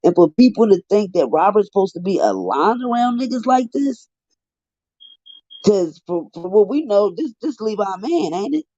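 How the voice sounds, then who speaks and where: A man's voice: sits high, sing-song, normal speed, warm tone, no room sound. A man giving heated, profane live commentary, ranting in an exasperated way on a livestream. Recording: dull lo-fi dry livestream audio.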